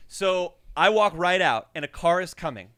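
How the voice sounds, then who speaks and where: A young man co-hosting a podcast, telling a story in a casual, animated way, acting out the people in it and swearing freely. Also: sits high, moderate pace, clear, resonant tone, no room sound, clean studio sound. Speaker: podcast co-host.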